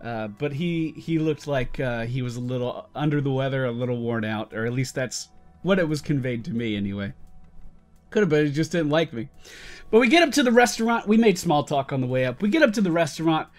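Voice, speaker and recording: A man's voice: mid-range voice, lively intonation, a little fast, faint music behind. A man telling a story in a casual vlog, wry and self-mocking, who swears freely. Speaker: YouTuber.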